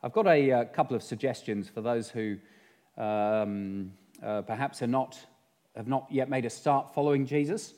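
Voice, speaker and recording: Earnest man preaching a sermon. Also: medium pitch. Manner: earnest, measured, gently pleading. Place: church.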